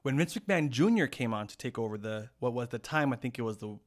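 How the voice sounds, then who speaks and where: A man as a guest on an improvised comedy podcast, talking in a rambling, deadpan way. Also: mid-range voice, fast.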